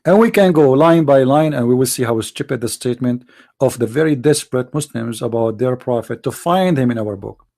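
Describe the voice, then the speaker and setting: A man's voice: medium pitch, brisk, creaky, mellow. A man hosting a live debate stream, arguing emphatically with rhetorical questions and non-native grammar. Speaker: live debate show host.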